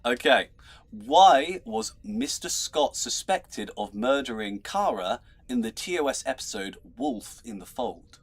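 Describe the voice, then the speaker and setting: A man's voice: mid-range voice, big pitch swings, measured pace, gravelly. A man hosting an online trivia show as quizmaster, chatty, laughing often and tripping over his words. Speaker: quizmaster host.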